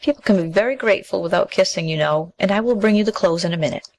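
A woman's voice: mid-range voice, quick pace, darkish tone, slight background noise, lightly acted, poor audio. A woman voicing a kind, practical young village girl who speaks earnestly and politely in a storybook reading.

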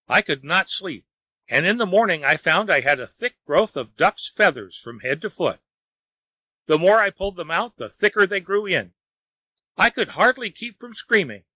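A man's voice: high-pitched, big pitch swings, normal speed, pushed and bright, dry recording, pitched above the performer's own voice, full character voice. A man voicing a frantic, lazy storybook man who wails and begs to be scolded. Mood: pleading. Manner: wailing, begging.

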